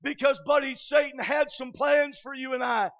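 A man from Michigan preaching an impassioned revival sermon, often shouting and filling pauses with "uh". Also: very high voice, fairly even intonation, vocal fry. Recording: dull lo-fi recording.

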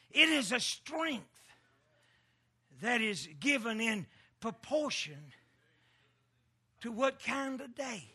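A man's voice: very high voice, pushed and bright. A man preaching a sermon in a rhythmic cadence, building into fervent refrains and chanting repeated phrases.

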